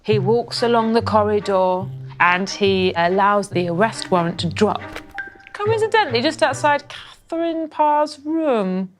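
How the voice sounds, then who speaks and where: A woman's voice: medium pitch, animated, measured pace, faint music behind. A woman telling a comic history story in a rambling, cheeky, casual way.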